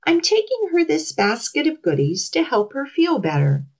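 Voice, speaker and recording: A woman's voice: sits high, huge pitch swings, normal speed, a little mellow, voice pushed up, full character voice. A woman doing an innocent little Red Riding Hood. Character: trusting cheerful little girl in red hood.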